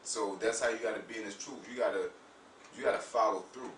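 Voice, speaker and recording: A man talking casually about faith in an animated, profane way, often saying "you know what I'm saying". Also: fairly low pitch, quick pace. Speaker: religious discussion host. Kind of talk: casual spiritual talk. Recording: roomy echo, far from mic, faint noise.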